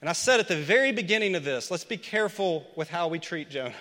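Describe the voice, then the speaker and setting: A man's voice: a little high, expressive, quick pace, bright, forceful tone. A man preaching a storytelling sermon in a conversational, earnest way that builds to emphatic points. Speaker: pastor. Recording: long reverb of a large hall.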